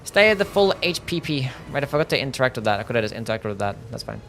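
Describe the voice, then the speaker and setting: A man's voice: medium pitch, sing-song, very fast, a bit bright. Young man, live game stream, casual laid-back talk, swears, faint music behind. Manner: laid-back, swears, reads chat aloud.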